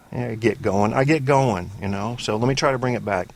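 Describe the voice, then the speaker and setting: A man's voice: mid-range voice, moderate pace. A man hosting a casual call-in sports talk show, opinionated and rambling off on tangents, with frequent swearing. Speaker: sports podcast host.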